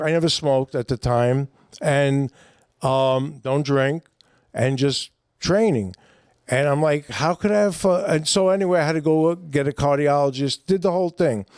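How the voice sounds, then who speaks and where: A middle-aged man with a New York accent, a comedian guest telling a long story in a rambling, animated way with lots of fillers. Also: medium pitch, clean tone, no room sound, studio quality. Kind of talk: casual storytelling.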